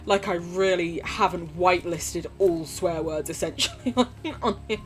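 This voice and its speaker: A woman's voice: lowish voice, animated, moderate pace, hardly any pauses. Foul-mouthed, gushing woman streamer. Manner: swears freely, gushing and affectionate. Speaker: live streamer. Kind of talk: casual gaming stream chat.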